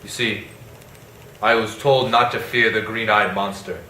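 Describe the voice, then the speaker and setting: A man's voice: on the low side, fairly even intonation, unhurried, pushed and bright, a little hiss or hum. Othello, a young man playing him as a slangy braggart. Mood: troubled. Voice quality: casual, rambling storyteller with slang. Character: Othello as a slangy modern guy, boastful. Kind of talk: parody skit. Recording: echoey room, mic at a distance.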